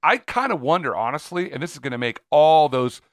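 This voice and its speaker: A man with a fairly high voice co-hosts a podcast, ranting and riffing with strong opinions. The sound is dry and close, with no room in it. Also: big pitch swings, a little fast, dry recording. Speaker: podcast co-host. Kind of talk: casual chat.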